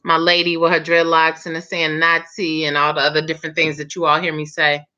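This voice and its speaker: A lower-pitched woman with a bright, forceful edge to her voice, hosting a relaxed live chat with her viewers. She chats freely and laughs often. The stream audio sounds dull and lo-fi. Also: brisk. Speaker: live chat host, hairstylist.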